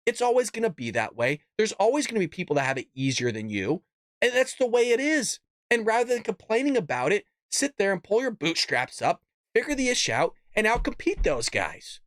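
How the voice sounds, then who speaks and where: Man, show host, blunt political rant, lively pitch, dry room. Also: normal speed, no room sound. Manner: blunt, fired-up, cusses.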